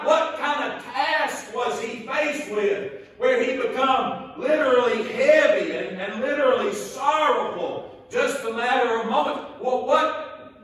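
High-voiced Southern preacher in echoey church. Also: male voice, fairly bright tone, far from the mic. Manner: slow, emphatic, repeats key phrases. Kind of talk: sermon. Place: church sanctuary.

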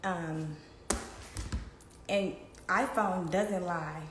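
A woman's voice: lowish voice, drawn-out words, fairly bright tone, a little hiss or hum. Echoey woman rambling on a phone live. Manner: rambling, talks to her viewers. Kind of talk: casual live stream chat.

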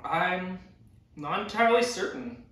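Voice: mid-range voice, lively intonation, fairly bright tone. A co-host of a casual snack taste-test, easygoing, drawing out reactions to each snack. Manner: slow, easygoing, drawn-out reactions. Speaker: co-host of a snack tasting video. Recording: very echoey room, mic far off.

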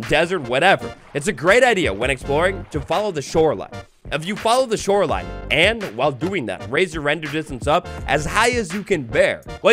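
A young man talking through his survival game run in a bright, high voice that swings up and down constantly. He is playful and chatty, jokes with the creatures he runs into, and music plays softly under his voice. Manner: animated, playful, talks to mobs, bursts into excited yelps. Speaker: gaming YouTuber. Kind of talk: Minecraft let's play commentary.

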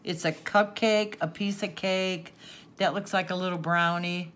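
A woman's voice: on the low side, steady tone, a little slow, a bit bright, slight background noise. An older woman hosting a craft channel, gushing and tearful as she opens a gift, gasping and laughing often. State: tearful, sniffling. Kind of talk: casual unboxing chat.

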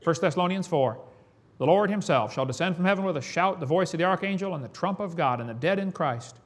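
A man's voice: a little high, expressive, fast. A man preaching a sermon, telling folksy stories with chuckles.

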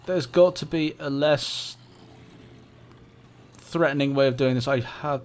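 Guy doing chill let's-play commentary, slow talker, chats to the mobs and giggles a lot. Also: medium pitch, slight background noise. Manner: playful, chats to monsters, giggles and yelps. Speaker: gameplay commentator.

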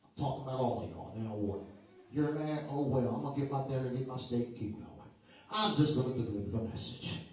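A man preaches a fervent sermon, shifting between sing-song chanting and joking asides to the congregation. His voice is medium in pitch and darkish, with lively intonation and a fairly quick pace. The recording is distant in an echoey room, with music in the background.

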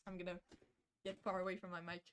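A woman live-streaming a video game, chatting casually with her viewers in a playful, giggly, self-mocking way and reacting loudly to the screen. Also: lowish voice, clear, resonant tone. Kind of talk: casual live-stream chat while gaming.

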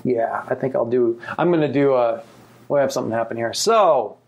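A man running a tabletop game as game master, animated and thinking aloud with many fillers. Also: mid-range voice, moderate pace, creaky, slightly rough, muffled recording.

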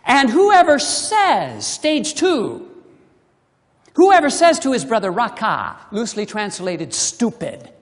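An animated preacher works the congregation with rhetorical questions. The voice leaps from loud, pressing emphasis down to quiet, intimate asides, and the delivery is full of lively rises and falls. The voice rings out with the long reverb of a church hall. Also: medium pitch, takes it slowly. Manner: swings between loud emphasis and hushed asides. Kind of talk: sermon. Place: church sanctuary.

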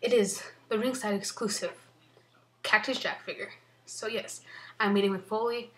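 A young woman chatting excitedly in a casual unboxing vlog from her bedroom, rambling, swearing often and sometimes whispering. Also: mid-range voice, normal speed. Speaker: vlogger.

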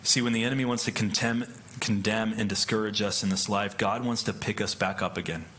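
A man's voice: fairly low pitch, fairly even intonation, fairly quick, pushed and bright, slight background noise. A male pastor giving a conversational sermon, often checking in with "right?". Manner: conversational, keeps asking "right?".

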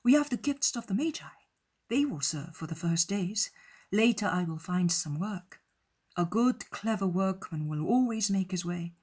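A woman reading Joseph, a steady protective husband. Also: medium pitch, normal speed, slightly rough. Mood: reassuring.

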